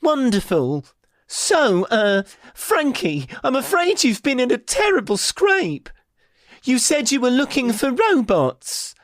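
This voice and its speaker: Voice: high voice, very animated, slow, dry recording, full character voice. A player voicing a polite, overly chatty man who overwhelms people with questions and keeps apologizing. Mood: friendly. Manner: apologetic, rambling, fussy.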